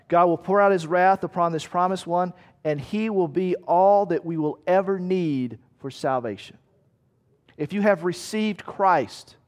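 A male pastor preaching a sermon in an earnest, emphatic way, often asking rhetorical questions. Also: high voice. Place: church meeting room.

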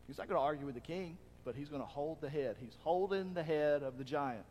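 A man preaches with an animated, storytelling delivery, now and then acting out a crowd's shouts. His voice sits a little high, and it rings in a church hall with a long reverb. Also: fairly quick, a little hiss or hum. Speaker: pastor. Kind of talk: sermon.

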